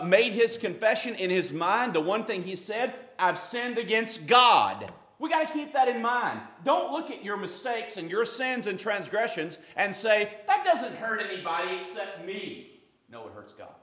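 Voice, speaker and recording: A man's voice: high-pitched, pushed and bright. A man preaching a sermon as pastor, folksy and conversational with touches of humor.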